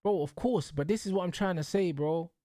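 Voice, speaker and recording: A young man rants about football as a show host, circling back to the same points with heat. His voice sits slightly high. The sound is dry and close, with no room around it. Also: brisk, warm tone, no room sound. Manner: heated, repetitive, slangy ranting. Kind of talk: casual football rant.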